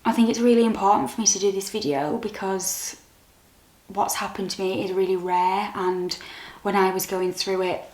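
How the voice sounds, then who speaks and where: A young British woman vlogger telling a personal story to camera in a soft, candid, halting way that turns emotional. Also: mid-range voice, level tone. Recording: echoey room.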